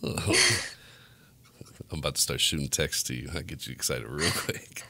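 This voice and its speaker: A man's voice: very deep voice, normal speed, creaky, bright, forceful tone. A man hosting a podcast in casual chat, telling stories bluntly with lots of swearing. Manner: profane, blunt storytelling with frequent laughs. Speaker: podcast host.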